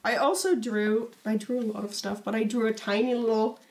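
A woman's voice: fairly high pitch, steady tone, a little fast, a little mellow. A young woman co-hosting a casual chat, reading old diary entries aloud in a playful, teasing way.

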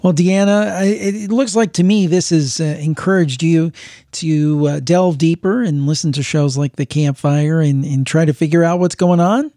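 A male podcast host answers a caller in an encouraging, slightly stumbling way. His voice sits a bit high for a man and sounds mellow. The sound is dry and close. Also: moderate pace, dry recording. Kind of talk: casual chat.

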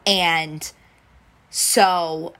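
A woman's voice: fairly low pitch, fairly even intonation, extremely slow, a bit bright, clean tone. A young woman telling a story in a casual chat, full of "like" and acting out what people said. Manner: chatty, full of "like" fillers, acts out quoted lines.

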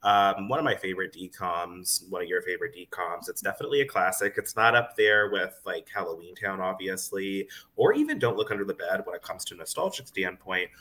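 Young guy podcast cohost, low but bright voice, has a cold and a cough, upbeat. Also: expressive, fairly quick, hardly any pauses. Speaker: podcast co-host. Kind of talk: casual podcast chat.

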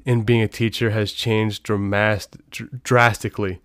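A man's voice: on the low side, little pitch movement, a little slow, fairly bright tone, dry recording, studio quality. Brief: middle-aged male podcast host, casual and rambling, clean resonant voice. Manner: rambling, many restarts and asides.

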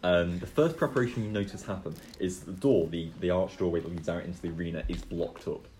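A man's voice: low-pitched, quick pace, darkish tone, slight background noise. A man, narrating as game master in a casual, laughing way full of fillers.

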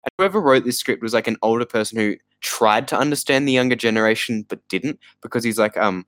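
A man's voice: mid-range voice, expressive, fast, fairly bright tone, no room sound, low-quality recording. A man co-hosting a podcast, chatting casually about a bad movie with rambling, exasperated asides and laughter. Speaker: podcast co-host. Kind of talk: casual movie review chat.

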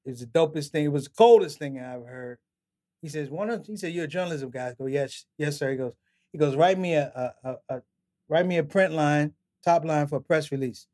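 Fairly high and fairly quick, the voice belongs to a middle-aged male comedian who's a podcast guest. Over a casual interview he tells long stories with animation, impersonating those he quotes amid laughs.

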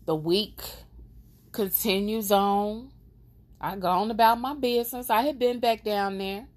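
A woman tells a personal story on her own podcast at a slow, deliberate pace. Her delivery is emotional and expressive but stays casual and conversational. Her voice sits at a middle pitch. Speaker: podcast host.

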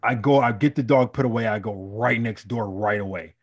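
Profane, animated man telling a story. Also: lowish voice, fairly quick, breathy edge. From Chicago. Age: adult, married. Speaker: podcast co-host. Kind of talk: casual storytelling chat.

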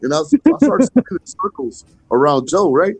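A man's voice: a little high, normal speed, slightly rough. A man on a podcast telling crude childhood stories in casual banter, laughing often. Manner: laughing, crude, animated storyteller. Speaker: podcast co-host.

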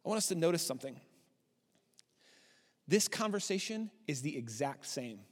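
A man in his thirties preaching a sermon as a pastor, animated and swinging up high when he voices a despairing prophet. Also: moderate pace. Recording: long hall reverb.

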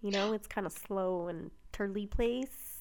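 A woman's voice: mid-range voice, measured pace, darkish tone. A woman co-hosting a podcast in casual chat, talkative, laughing often and swearing casually. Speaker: podcast co-host.

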